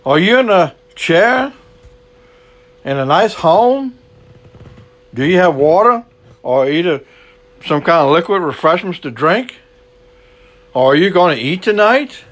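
A man's voice: sits high, lively intonation, a little slow, pauses often, a bit bright. A man preaching a sermon, earnest and repetitive, stretching words for emphasis.

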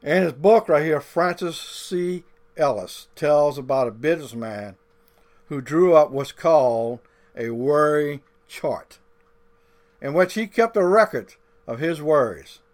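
A man's voice: a little high, animated. A male pastor delivering a sermon, drawing out key words and repeating points, with folksy grammar. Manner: deliberate, drawn-out emphasis with folksy grammar.

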